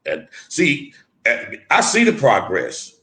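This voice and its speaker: A man's voice: medium pitch, huge pitch swings, takes it slowly, pushed and bright, reverberant, low-quality recording. A man interviewed as a mentor, talking earnestly and emphatically, often restarting and repeating words. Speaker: guest mentor.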